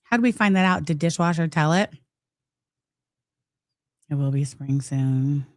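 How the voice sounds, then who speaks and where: A woman's voice: sits low, measured pace, no room sound, studio quality. A woman, sick with the flu, chatting on a livestream and thanking viewers. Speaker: livestream co-host. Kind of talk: casual livestream commentary.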